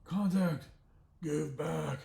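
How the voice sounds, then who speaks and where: A man doing a high whiny brute of a bear wrestler. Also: drawn-out words, gravelly, reverberant, exaggerated voice. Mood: demanding. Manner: broken speech, loud and roaring. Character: big dim bear wrestler, male, huge, brutish.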